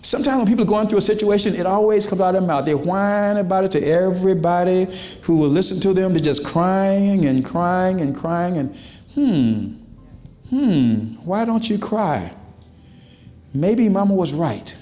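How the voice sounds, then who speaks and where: A man preaching to his congregation, his fairly high voice dropping low for emphasis and leaping up for exclamations. The sound carries the echo of a roomy church sanctuary. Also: lively intonation, moderate pace, dark tone. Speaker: pastor. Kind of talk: sermon.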